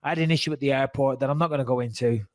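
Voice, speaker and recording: A man's voice: medium pitch, racing, no room sound. A man, telling a story casually on a podcast and acting out the people he quotes. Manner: animated, acts out quoted dialogue.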